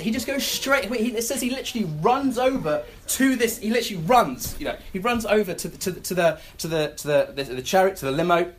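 A preacher delivering a sermon in an animated storytelling way, with frequent restarts and quick acted-out asides. The voice sits at a middle pitch but swings widely up and down as the stories unfold. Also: slight background noise. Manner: acts out everyday scenes in quick asides.

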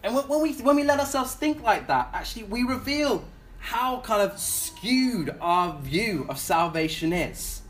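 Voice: mid-range voice, animated, unhurried, a bit bright. Conversational preacher with faint hiss. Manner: conversational, repeats words, asks the congregation questions. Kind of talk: sermon.

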